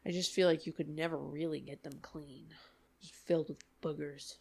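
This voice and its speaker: A young adult woman co-hosting a podcast in casual chat, animated and swearing casually, often laughing. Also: deep voice, moderate pace, creaky, breathy edge. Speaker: podcast co-host.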